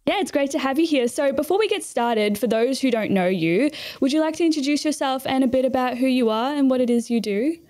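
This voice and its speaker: A woman's voice: high-pitched, expressive, brisk, few pauses, darkish tone. A woman hosting a podcast interview, asking questions in a friendly, upbeat way. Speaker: podcast host. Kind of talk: scripted intro then casual interview.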